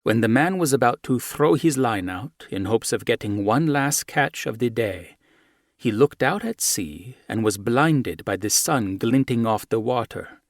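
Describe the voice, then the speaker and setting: A man narrating a romance audiobook in the first person, in a measured, soft, intimate manner, on a close microphone. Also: medium pitch, expressive, dry recording.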